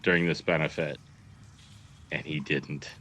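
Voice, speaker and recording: A man's voice: extremely low pitch, flat delivery, a little slow, pushed and bright, a little hiss or hum. A man in a casual podcast chat, earnest and stumbling over restarts. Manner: earnest storyteller, stammers on restarts.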